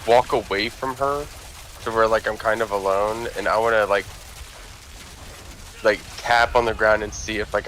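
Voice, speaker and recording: A man's voice: fairly low pitch, steady tone, normal speed, long pauses, a bit bright, slight background noise. A man playing a tabletop game, talking his character's moves through in hesitant, filler-heavy speech. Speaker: player. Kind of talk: casual chat at a game table.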